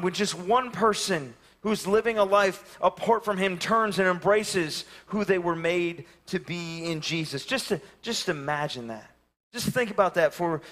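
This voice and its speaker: A man in his thirties preaching a sermon and telling a story, swinging from loud calls to hushed near-whispers. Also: high-pitched, big-room sound. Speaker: pastor.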